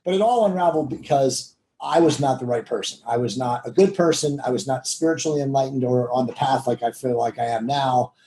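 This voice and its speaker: Man, interview guest, mellow warm tone, rambling, candid, lots of fillers. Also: mid-range voice, a little fast, few pauses, low-quality recording. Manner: rambling, heavy with "you know" fillers; candid and self-reflective. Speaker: guest entrepreneur and author. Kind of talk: casual interview storytelling.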